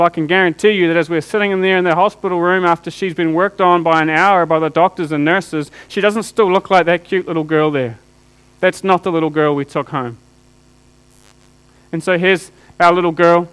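A man preaching a sermon, telling a deeply personal story with rhetorical questions that draw the listeners in. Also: a bit bright, rough recording.

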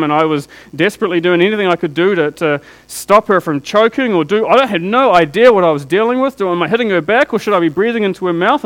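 A man with a high voice preaches with raw feeling, pulling his listeners in with question after question. Under his words a low electrical hum runs steadily. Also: fairly bright tone, clean tone, rough recording. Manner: emotional storytelling with rhetorical questions to listeners. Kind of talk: sermon.

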